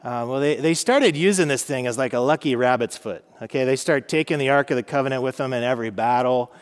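A man's voice: mid-range voice, fast, clean tone. Guy in his 30s doing a laid-back bible lesson, jokey, lots of ums. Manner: chatty, humorous, many fillers. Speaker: Bible teacher.

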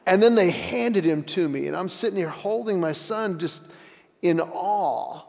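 A man in his forties, a stand-up comedian telling family stories as a guest speaker, acting out dialogue with lively voice shifts. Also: sits high, unhurried, creaky. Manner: animated, acts out dialogue with voice shifts. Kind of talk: stand-up storytelling. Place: church auditorium. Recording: long hall reverb.

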